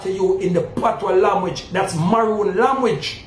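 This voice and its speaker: Speaking at a measured pace in a high-pitched voice, a Jamaican-accented man delivers a preaching monologue as a self-proclaimed Maroon chief. He presses his points emphatically and keeps asking listeners if they understand, amid roomy echo and faint ambient noise.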